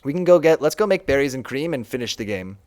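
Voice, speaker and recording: A man's voice: mid-range voice, expressive, fast, a little mellow. A young man casually walking through his own game on a live stream, chatty and laughing often.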